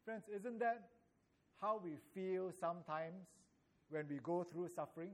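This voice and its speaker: Male preacher, sermon, high voice, slow deliberate delivery, emphatic scripture reading. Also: fairly even intonation. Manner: measured, emphatic reading of scripture with dramatic rises.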